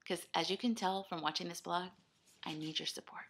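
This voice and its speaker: A woman's voice: fairly low pitch, fairly even intonation, a little fast, a bit bright, a little hiss or hum. A young woman rambling through a personal video blog, self-deprecating and scattered, talking in sudden bursts. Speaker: vlogger.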